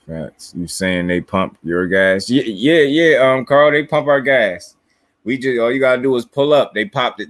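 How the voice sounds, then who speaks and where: A man's voice: medium pitch, no echo. A man from New Jersey with a New Jersey accent, hosting a casual boxing live stream, laid-back and slangy, chuckling as he reads viewer comments. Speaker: boxing livestream host.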